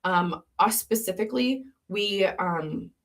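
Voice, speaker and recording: A woman's voice: medium pitch, takes it slowly. A woman from a local chamber of commerce, speaking in a casual interview with many ums and restarts.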